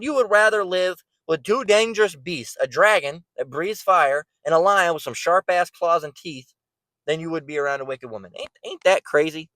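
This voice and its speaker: A man's voice: fairly high pitch, moderate pace, sharp tone, dry recording, poor audio. Blunt, profane man preaching. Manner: blunt, profane and emphatic, with repeated "right?". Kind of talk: informal Bible commentary.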